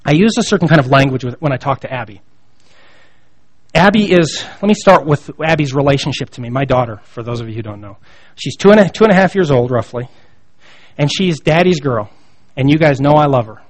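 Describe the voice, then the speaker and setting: A pastor in his thirties preaches a sermon woven with personal stories about his family, told conversationally and with self-deprecating humor. His voice is medium in pitch, briskly paced, with lively intonation.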